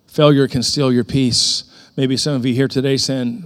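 A man's voice: medium pitch, little pitch movement, a little fast, hardly any pauses. This is a middle-aged man preaching a sermon, speaking in a conversational storytelling tone. He talks as if chatting with his congregation, then suddenly lifts his voice to stress key words. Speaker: pastor.

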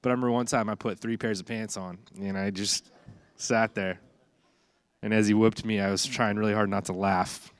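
A man's voice: on the low side, fairly even intonation, moderate pace, smooth, no room sound. A man, in his thirties, preaching a chatty, conversational sermon with a stuffy nose and many fillers and restarts. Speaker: pastor.

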